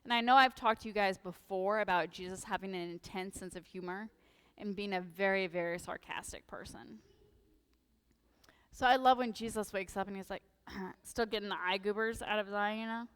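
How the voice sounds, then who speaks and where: A woman priest giving a lively, humorous sermon in a church, full of animated, sarcastic asides. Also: mid-range voice, moderate pace, clean tone, long reverb tail. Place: church sanctuary.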